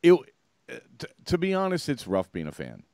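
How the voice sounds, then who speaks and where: A male host chatting casually, a bit hoarse from a cold, often halting and trailing off. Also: a little high, wildly swooping pitch, darkish tone, no echo, clean studio sound. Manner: trailing off, halting, self-interrupting. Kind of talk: casual chat.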